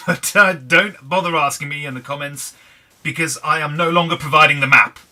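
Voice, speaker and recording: A man's voice: a little high, moderate pace, bright, forceful tone. An English man giving casual, wry, self-deprecating commentary as he plays Minecraft. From England. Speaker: gaming channel host.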